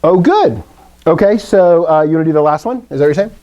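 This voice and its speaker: A male teacher leading a live Greek lesson, his pitch rising and falling a great deal as he explains. His voice is mellow and warm, and he keeps asking the class questions in a playful, animated way. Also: quick pace, lo-fi sound.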